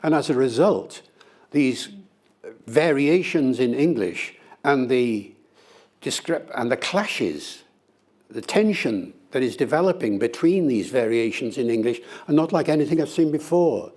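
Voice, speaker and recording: An older man, a linguist being interviewed, answering in a lively, conversational way with playful demonstrations. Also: mid-range voice, a little slow.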